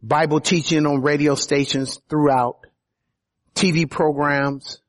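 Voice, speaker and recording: A man's voice: a little high, steady tone, slow pace. A man preaching a sermon as pastor, building to emphatic peaks on key phrases.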